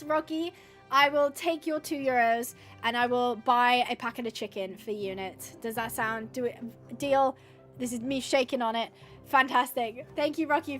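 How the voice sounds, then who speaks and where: A woman hosting a gaming livestream from home, chatting casually and bubbly with her viewers as she reads the chat. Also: high voice. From United Kingdom.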